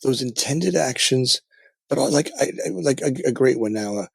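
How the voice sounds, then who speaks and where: A man's voice: mid-range voice, expressive, normal speed, gravelly, breathy edge, no echo. A middle-aged man, a company founder guest on a podcast, talking in a casual, reflective way, often restarting and tagging his lines with "right?". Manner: frequent restarts and tag "right?", earnest storytelling. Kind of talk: casual reflective interview talk.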